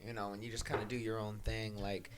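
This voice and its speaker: A man's voice: on the low side, little pitch movement, fast. A man from California, a podcast co-host, chatting casually in a laid-back way and chiming in with short replies. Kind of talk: casual chat.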